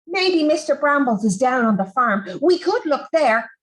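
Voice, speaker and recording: A woman voicing an excitable, mischievous young boy in a storybook reading. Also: sits high, normal speed. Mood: hushed.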